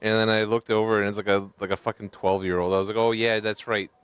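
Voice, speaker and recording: A man's voice: lowish voice, little pitch movement, racing, clear, resonant tone, dry recording. A man chatting on a game stream with friends, grumbling with dry humor. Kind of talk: casual chat while gaming.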